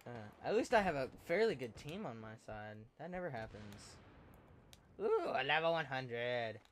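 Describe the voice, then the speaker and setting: A man giving live commentary over his video game, excitable and joking, swearing and yelping as things happen. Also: medium pitch, moderate pace, slight background noise. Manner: joking, self-mocking asides. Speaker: gameplay commentator.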